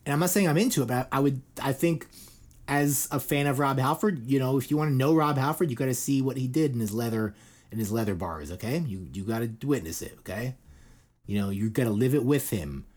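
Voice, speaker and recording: A man's voice: mid-range voice, brisk, a little mellow. A middle-aged man hosting a casual news chat show. He rambles irreverently, swears and fills his talk with "like" and "you know". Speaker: podcast host.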